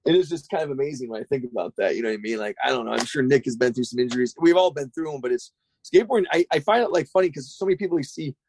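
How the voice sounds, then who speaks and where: A middle-aged man who runs a skate shop, chatting casually on a podcast, rambling and profane, with animated retellings. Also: mid-range voice, rapid-fire, a little hiss or hum.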